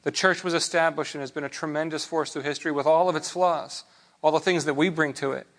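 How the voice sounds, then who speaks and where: A man preaching a sermon in a relaxed, conversational way, with rhetorical questions and frequent restarts. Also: fairly high pitch, quick pace. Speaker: pastor.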